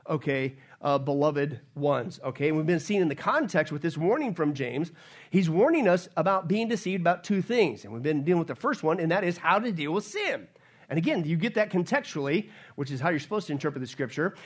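A man's voice: sits high, very animated, brisk. A man preaching a sermon as pastor, emphatic, often asking the congregation questions and answering them himself. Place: church sanctuary.

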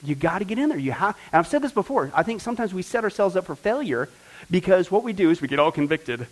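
A man teaching a Bible study as pastor, animated and joking, acting out the voices he quotes. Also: high voice, fast, rough recording.

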